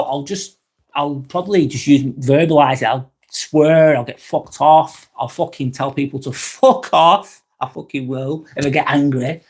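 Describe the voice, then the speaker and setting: Hosting a live vlog, a man with a medium-pitched voice reads out chat comments and responds to them. His talk is casual and frank, full of swearing, and rambles through frequent restarts.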